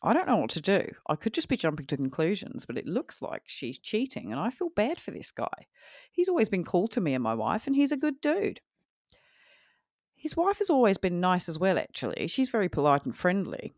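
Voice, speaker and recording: A woman's voice: fairly low pitch, huge pitch swings, a little fast, a little mellow, dry recording, studio quality, exaggerated voice. A woman reading out a worried Australian man's story in a put-on Australian accent that drifts toward Kiwi, earnest and storytelling. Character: Australian man asking neighbour advice.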